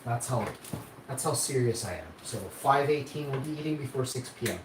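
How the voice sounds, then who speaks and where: A man's voice: mid-range voice, expressive, fairly quick, distant mic. A Canadian man rambling and complaining while he cooks in his home kitchen, talking casually to viewers. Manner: rambling, complaining, self-assured. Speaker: streamer. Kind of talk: casual kitchen vlog talk. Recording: echoey room, voice off-mic, background noise.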